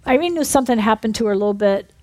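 A woman minister telling a story in a sermon, animated, breaking into shouted re-enactments. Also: on the high side, racing. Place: church building.

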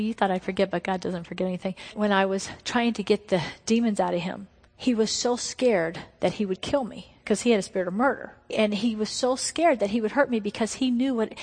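Middle-aged woman preacher, emphatic testimony sermon, mid-pitched voice, long hall echo. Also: husky. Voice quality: emphatic storytelling, drops to hushed tones.

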